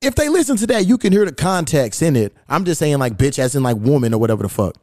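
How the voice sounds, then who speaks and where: Very animated and quick, with a fairly high pitch and warm tone, a man hosts a podcast and tells a story in casual chat. He curses freely and reads texts aloud, amused. The recording has no echo and studio quality.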